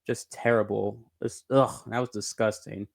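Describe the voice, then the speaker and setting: Speaking at a moderate pace with little pitch movement, a man with a creaky voice reacts casually to fight news on his own sports channel. He rambles, corrects himself, swears offhandedly, and breaks into high, giggling laughter.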